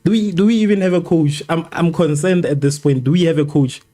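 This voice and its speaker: A man hosts a live football watchalong, his voice sitting a little high yet soft and mellow in tone. He frets over the game, circles back to the same complaints again and again, and argues with viewers in the chat. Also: steady tone, a little fast. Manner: exasperated, repeats himself, argues with chat. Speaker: livestream host. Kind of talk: live match watchalong reaction.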